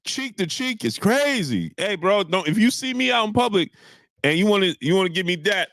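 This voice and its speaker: Man streamer, AAVE, lively pitch, dry close sound, chatty commentary. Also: normal speed, no echo. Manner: animated, greets chat viewers, acts out quotes in lower voice. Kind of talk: casual live-stream commentary.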